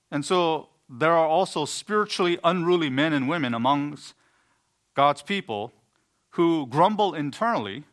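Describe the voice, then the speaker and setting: A man's voice: mid-range voice, a bit bright. A man preaching an earnest sermon, explaining scripture with emphatic rising bursts and occasional stumbles. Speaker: pastor.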